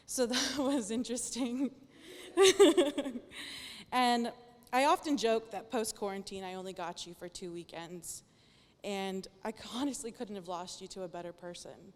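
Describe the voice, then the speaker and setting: A woman's voice: fairly high pitch, measured pace, in a large hall. A woman in her thirties, the maid of honor, giving an emotional rehearsal dinner toast, shaky and nervous, joking and laughing through it. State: nervous and teary. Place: dinner hall.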